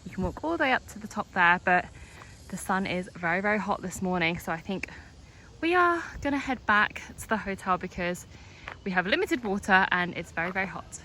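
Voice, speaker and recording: A woman's voice: mid-range voice, very animated, brisk, sharp tone, slight background noise. A young woman, narrating a travel vlog to a handheld camera in a chatty, upbeat way with frequent exclamations. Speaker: travel vlogger.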